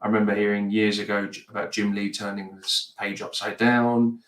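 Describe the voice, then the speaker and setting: A man's voice: fairly low pitch, little pitch movement, brisk, fairly bright tone. A man chatting casually as a podcast guest, rambling and hesitant, with many restarts. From United Kingdom. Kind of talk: casual chat. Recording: roomy, distant mic.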